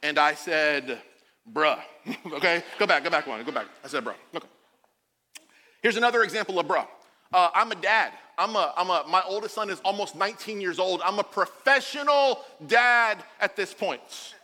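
A man in his forties preaching a sermon, animated and jokey, acting out the quotes he tells. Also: high voice, moderate pace, long reverb tail. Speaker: pastor.

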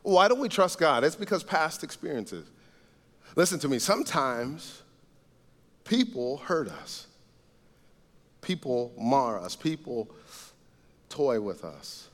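A man preaching a sermon as pastor, earnest, rising to loud emphatic lines and dropping to soft low asides. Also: big-room sound. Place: church sanctuary.

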